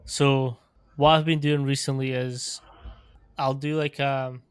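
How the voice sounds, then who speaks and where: A man who works as a strength coach, explaining his training in casual podcast talk, filling pauses with "like" and "um". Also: mid-range voice, clean tone, no echo. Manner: even, filler-heavy explaining with frequent "like" and "um".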